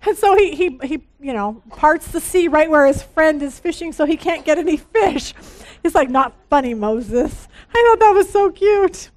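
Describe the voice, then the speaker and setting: High-voiced chatty woman teaching Bible study. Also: normal speed. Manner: chatty and animated, laughing, reading verses aloud. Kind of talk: casual Bible teaching with scripture reading.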